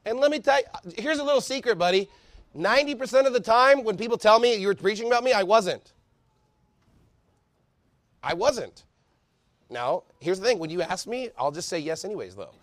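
High-voiced fervent male preacher. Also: lively intonation, no echo. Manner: fervent preaching, rising to shouts; reads scripture aloud quickly. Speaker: pastor. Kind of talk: sermon.

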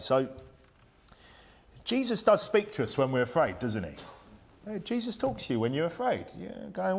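A man's voice: fairly high pitch, big pitch swings, moderate pace. A man preaching a Bible-study sermon in a conversational way, full of rhetorical questions and reading old-style scripture aloud.

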